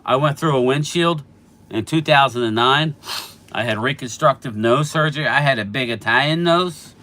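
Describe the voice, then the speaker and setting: This middle-aged man's medium-pitched voice comes across pushed and bright while he casually hosts a live football stream. Chatty and a bit stuffy from allergies, he reads viewers' names out and responds to each.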